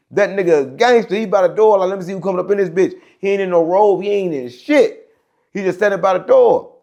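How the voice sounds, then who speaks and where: The host of his own show has a gravelly, slightly high voice. His casual monologue is an animated, rambling story, peppered with "right?" and "gang" as he checks in with his audience.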